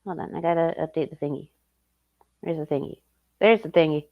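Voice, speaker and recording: A woman with a Southern US accent, hosting a stream and chatting casually with relaxed, playful asides. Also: deep voice, fairly quick, phone-quality sound. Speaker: streamer host.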